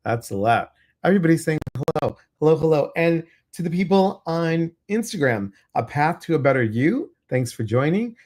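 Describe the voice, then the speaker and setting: A man's voice: fairly high pitch, sing-song, normal speed, darkish tone. A man hosting a livestream podcast, chatting casually and greeting viewers by name. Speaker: podcast host.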